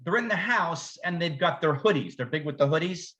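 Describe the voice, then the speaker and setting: A man's voice: fairly high pitch, fairly quick, dull audio. A man who teaches music, telling funny stories in a casual chat, laughing often and acting out the people he quotes. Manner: animated, laughing, swearing, acts out quoted voices. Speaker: podcast co-host, music teacher.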